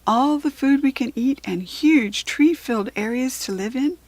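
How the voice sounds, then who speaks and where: Gentle talking male deer, polite and mild, a touch husky; a woman reader voices him. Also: sits high, normal speed, no room sound, voice pushed up.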